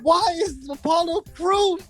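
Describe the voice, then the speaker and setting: A man co-hosting a wrestling podcast, ranting in an exasperated, animated way during casual chat. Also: very high voice, a little slow. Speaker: podcast co-host.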